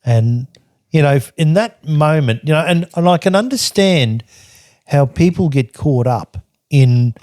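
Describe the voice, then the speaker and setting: An older man from Australia telling a rambling travel story on a podcast, halting and restarting as he reads from his journal. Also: a little high, expressive, a little mellow, dry recording, studio quality. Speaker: podcast guest recounting travels. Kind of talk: casual storytelling chat.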